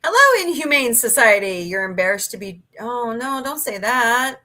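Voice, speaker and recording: A woman's voice: fairly high pitch, very animated, moderate pace, pushed and bright. Chatty woman rambling to her live chat. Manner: chatty, rambling storyteller, swears casually. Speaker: livestream host.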